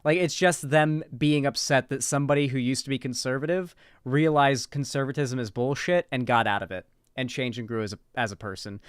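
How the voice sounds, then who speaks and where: A man's voice: mid-range voice, a bit bright, clean tone, no echo, clean studio sound. A man doing casual commentary, sarcastic and rambling, with frequent swearing. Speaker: political commentary streamer.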